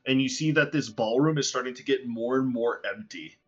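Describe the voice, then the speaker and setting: A man's voice: medium pitch, brisk. A man running a tabletop game as game master, narrating casually with lots of fillers. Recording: dull lo-fi recording with faint music.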